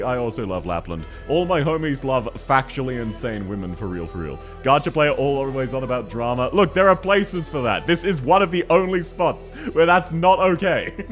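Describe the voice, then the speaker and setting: Young man, streamer, fairly high voice, very lively delivery, joking with chat, faint music behind. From Australia. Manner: animated, jokey, reads chat aloud and laughs often. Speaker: game streamer. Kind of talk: casual live-stream chat while gaming.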